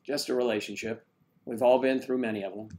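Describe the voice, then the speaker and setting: A man's voice: mid-range voice, fairly even intonation, a little fast, dark tone. A man hosting a casual live stream, rambling and joking as he greets viewers and reads their comments aloud.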